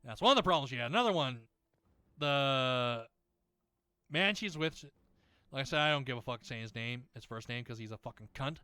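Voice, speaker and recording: Gaming host, male, bright and clear voice, sweary ranting style, dry close sound. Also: medium pitch, lively intonation, moderate pace, dry recording. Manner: rambling, many restarts and fillers. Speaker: gaming video creator. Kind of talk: casual chat over gameplay.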